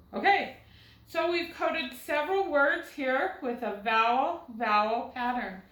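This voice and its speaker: A woman's voice: on the high side, fairly bright tone, roomy sound, a little hiss or hum, low-quality recording. A woman teaching a recorded first grade phonics lesson, patiently sounding words out syllable by syllable and asking guiding questions. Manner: asks rhetorical questions to guide young students.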